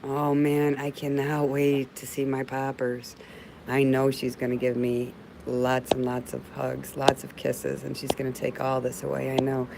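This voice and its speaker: A middle-aged woman hosts a livestream, reading out viewer comments and answering them warmly and heartfeltly, calling everyone babe. Her voice is extremely low and gravelly, with a completely flat, unhurried delivery. Background noise can be heard.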